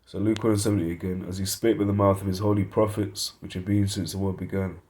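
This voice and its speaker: A man's voice: deep voice, level tone, fast talker, darkish tone. A man giving an informal Bible study lesson, reading verses and word definitions aloud, thinking aloud and correcting himself as he goes. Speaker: Bible teacher.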